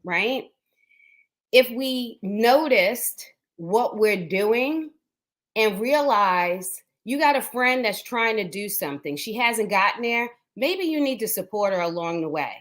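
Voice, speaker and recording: A woman's voice: mid-range voice, expressive, slow pace, fairly bright tone. A woman co-host in a casual chat, talking in an earnest way and often asking "right?". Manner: earnest, asks "right?" for agreement.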